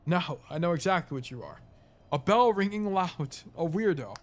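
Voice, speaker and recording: A man's voice: fairly high pitch, expressive, moderate pace, natural voice. A man voicing a grouchy male bug caretaker in a put-on English accent, reading game dialogue aloud and scolding.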